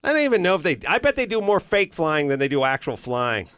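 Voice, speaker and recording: A man's voice: on the high side, big pitch swings, fast, fairly bright tone, clear, resonant tone, no room sound. A man hosting a podcast, riffing through a swearing comedic rant full of tangents. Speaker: podcast host.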